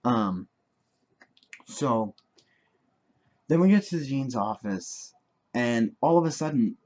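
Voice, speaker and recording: A man's voice: mid-range voice, animated, slow pace, a little mellow, highs cut off. A teenage boy telling a story from his life in a rambling way, full of fillers. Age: teens. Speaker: vlogger. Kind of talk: casual storytelling.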